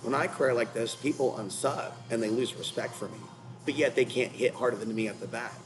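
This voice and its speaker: A man's voice: medium pitch, brisk, music in the background, low-quality recording. A man hosting his own channel, ranting in an agitated, repetitive, confrontational way, apparently while in a car. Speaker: channel host. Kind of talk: rambling commentary rant.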